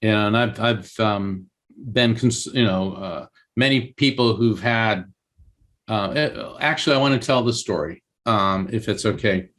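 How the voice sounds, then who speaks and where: Animated male podcast guest telling stories. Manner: animated, with sudden pitch jumps and halting restarts. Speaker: guest medium and author. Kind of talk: storytelling in a podcast interview.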